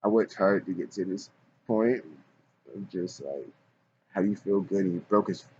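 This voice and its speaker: A man's voice: low-pitched, moderate pace, darkish tone, muffled recording, a little hiss or hum. A man rambling in a casual vlog monologue, slangy and self-mocking, often breaking into laughs. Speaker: vlogger.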